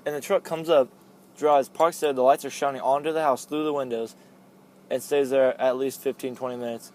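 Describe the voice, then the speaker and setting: A man's voice: mid-range voice, steady tone, fairly quick, a little mellow. A young man telling a story among friends in a casual chat, rambling with lots of "like" and laughing often.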